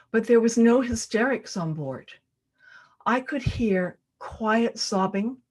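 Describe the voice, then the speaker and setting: Older woman, storyteller, live personal story, dramatic pauses, hushed at tense moments, mid-pitched voice. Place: storytelling event.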